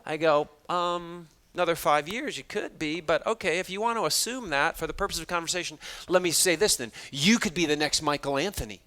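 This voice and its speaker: A motivational speaker addressing a hall of students, a man with a high, light voice. He tells his stories in an animated way and plays out every line of dialogue, poking fun at himself as he goes. His tone stays bright and ringing. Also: a little fast, hardly any pauses. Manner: animated, acts out dialogue, self-deprecating humor. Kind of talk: storytelling keynote talk to students.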